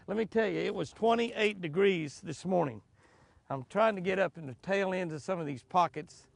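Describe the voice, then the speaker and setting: A man with a very gravelly, raspy voice pitched a little high narrates his fishing from a boat out on a lake. He exclaims over every fish, chuckles often, and talks to himself as he goes. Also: dry recording. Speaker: fishing show host. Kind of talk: excited fishing commentary.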